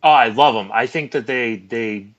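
A man's voice: medium pitch, moderate pace, a bit bright, highs cut off. A man holding forth on a podcast panel, emphatic and sure of his opinions. His voice sits in an everyday middle range. He leans on his key points. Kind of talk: casual panel chat.

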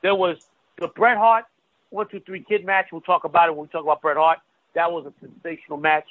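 A man's voice: on the high side, fairly even intonation, a little fast. A man co-hosting a casual wrestling talk show, emphatic and full of restarts. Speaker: wrestling podcast co-host. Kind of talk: casual chat. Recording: tinny phone-like line, dry.

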